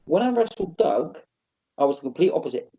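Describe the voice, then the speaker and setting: A man telling animated, self-mocking stories on a podcast, often restarting and laughing. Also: on the high side, fairly quick, husky. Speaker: wrestler and wrestling promotion owner. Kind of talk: podcast interview storytelling. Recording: slightly muffled podcast audio.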